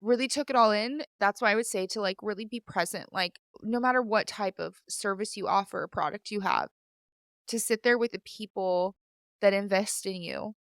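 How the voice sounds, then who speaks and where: A young female podcast host talks openly and casually on her own show, full of fillers, her chat interrupted by tears and sniffling. Her voice is mid-range and her speed normal. Captured on a studio microphone, the sound is studio quality with no echo.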